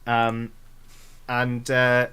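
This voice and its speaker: A man's voice: mid-range voice, extremely slow, clean tone. A man narrating a tabletop game as dungeon master, hesitant with fillers, building the scene step by step. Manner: hesitant, many fillers, animated.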